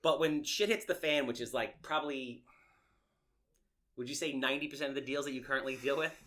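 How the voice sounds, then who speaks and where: A man's voice: mid-range voice, fairly quick, a bit bright. A man with a nasal voice, hosting a podcast in brash, joking chat. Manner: brash, joking salesman patter. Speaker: podcast host. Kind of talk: casual interview chat.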